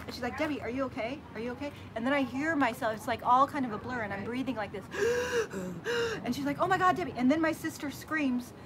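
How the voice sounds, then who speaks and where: A woman hosting a casual chat, telling a story in an animated way and acting out what people said. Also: high-pitched, quick pace, few pauses. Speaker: host. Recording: background noise from a nearby worker.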